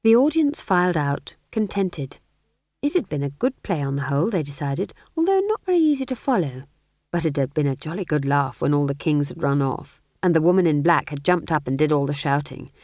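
A woman's voice: low-pitched, sing-song, brisk, darkish tone, no room sound. A woman narrating an audiobook in a dry, wry storytelling manner.

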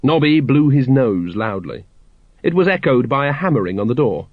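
A man narrating a story aloud in a wry, expressive way. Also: mid-range voice, normal speed, no room sound, narrow, tinny audio. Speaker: audiobook narrator.

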